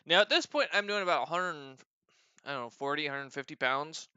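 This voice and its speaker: A man with a bright, tense voice and a smooth, crisp tone spins a rambling, profane story. He laughs often as he talks. The sound is dry and a bit dull, like a lo-fi desk mic. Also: fairly high pitch, brisk, no room sound. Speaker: streamer. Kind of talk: casual storytelling.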